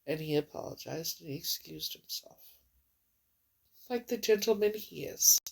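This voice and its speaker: A woman crying as she tells a rambling, emotional personal story indoors at home, with halting restarts. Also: sits low, gravelly, darkish tone, slightly rough. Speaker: vlogger.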